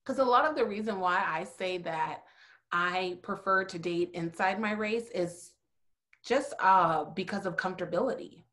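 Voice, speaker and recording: A woman's voice: lowish voice, normal speed, a bit bright. A young woman in casual conversation, sharing stories and asking questions.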